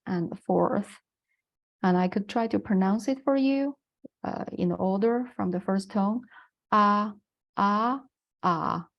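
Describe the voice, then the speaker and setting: A woman's voice: medium pitch, creaky, dark tone. A woman with a Chinese accent, a non-native English speaker, giving an online lecture on the Chinese language in a patient, explanatory way with frequent fillers.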